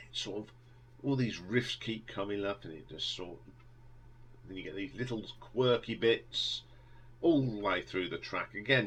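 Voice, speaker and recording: A man's voice: low-pitched, pushed and bright, slightly rough, rough recording. A man talking casually as he ranks a band's albums, rambling with many ums and restarts, enthusiastic. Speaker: music reviewer. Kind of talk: casual album review monologue.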